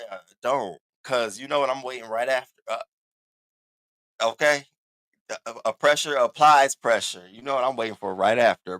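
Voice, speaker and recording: A man hosting a commentary channel, chatting casually, loud and profane, talking straight to his viewers. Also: mid-range voice, no echo.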